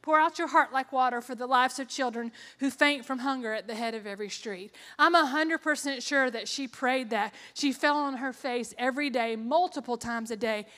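A woman's voice: high voice, moderate pace, few pauses, bright, forceful tone. A young woman giving an earnest, emotional personal testimony with sarcastic asides. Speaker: testimony speaker. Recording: long hall reverb.

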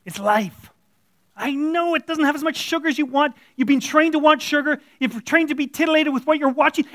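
A church elder delivers an informal sermon to an audience in a church room, speaking in a high, slightly bright male voice. He is blunt and conversational and acts out the voices he quotes. The studio-quality recording has no room sound.

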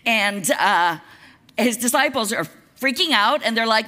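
A woman pastor preaching a sermon in a conversational, lively way, with casual asides. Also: on the high side, unhurried.

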